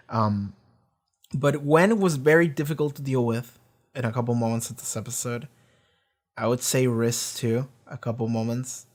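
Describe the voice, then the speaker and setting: A man gives casual commentary on a TV episode he has just watched. His voice sits at an ordinary middle pitch, and he rambles, restarting his thoughts and peppering them with fillers and swearing. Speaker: show reaction host.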